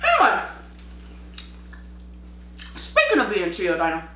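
Speaking a little slowly at a medium pitch, this mukbang vlogger sounds tired as she eats on camera and swaps slangy, laugh-filled stories. Her storytelling is animated, with bites and sips between sentences. The sound comes from her own mic in a room with echo.

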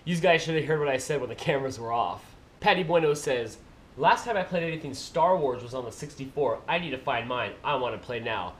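A man's voice: medium pitch, lively intonation, a little fast, slight background noise. A man vlogger who reads viewer comments aloud and answers them in a casual, playful way. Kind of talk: casual chat.

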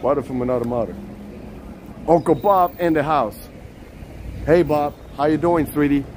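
A man's voice: fairly high pitch, normal speed, darkish tone, slight background noise. A man hosting a casual walking live stream, chatty and teasing his viewers, outdoors on city streets. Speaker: vlogger, live-stream host.

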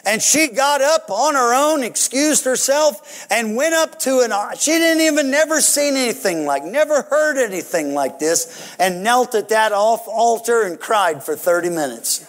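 A pastor telling a story in a sermon, animated, often chuckling. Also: male voice, very high voice, measured pace, hardly any pauses. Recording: long hall reverb.

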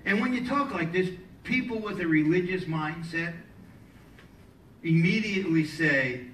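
A male pastor preaching a sermon in a church, lively and joking with the congregation between points. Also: a little high, unhurried, slight background noise. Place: church sanctuary. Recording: echoey hall, mic at a distance, faint ambience.

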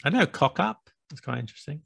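A man's voice: fairly high pitch, expressive, quick pace, creaky, fairly bright tone, breathy edge, no room sound, clean studio sound. A British man co-hosting a podcast, chatting casually and joking, often laughing as he explains words. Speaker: podcast co-host. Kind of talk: casual chat.

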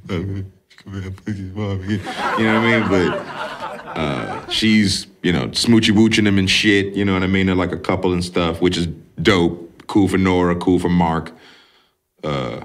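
A man's voice: low-pitched, fairly even intonation, a little slow, slight background noise. A man hosting a podcast, recapping a film in a casual, profane, slangy way. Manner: profane, slangy, laid-back. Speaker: podcast host.

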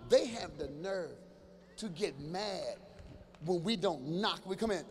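A man in his fifties doing stand-up comedy with crowd work, animated, often acting out other people's voices and bantering with the audience. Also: high-pitched, brisk, long reverb tail, a little hiss or hum. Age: 50s. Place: large church hall before a live audience.

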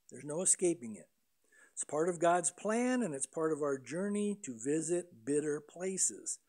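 A high-pitched male pastor delivers a sermon in a church. He is animated and conversational, and he slips into quoted voices to act out prayers and complaints. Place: church sanctuary.

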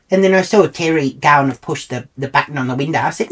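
A woman's voice: lowish voice, brisk, few pauses. A middle-aged woman with an Australian accent telling a comic story in a brash, foul-mouthed, indignant way. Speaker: comedic storyteller. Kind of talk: comic monologue.

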